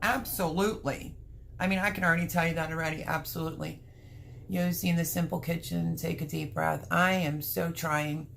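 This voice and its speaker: A woman's voice: low voice, steady tone, normal speed, gravelly, a bit bright, a little hiss or hum. Rambling, candid middle-aged Philly-woman. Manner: rambling, candid and emotional, chatting to viewers. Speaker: livestream host. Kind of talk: casual livestream chat. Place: at home. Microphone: livestream camera mic.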